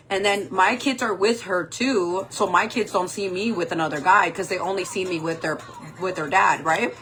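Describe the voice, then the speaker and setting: A woman's voice: medium pitch, fairly bright tone, poor audio. Chatty woman in her forties, swearing freely. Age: 40s. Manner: chatty, swears a lot, laughs often. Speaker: makeup vlogger. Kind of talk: casual storytime while doing makeup on a livestream.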